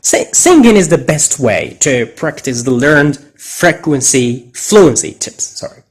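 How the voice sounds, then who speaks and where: A man teaching English pronunciation in a deliberate way, with Arabic as his first language, exaggerating stressed words as he models them. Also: fairly high pitch, very animated, breathy edge. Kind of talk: pronunciation lesson.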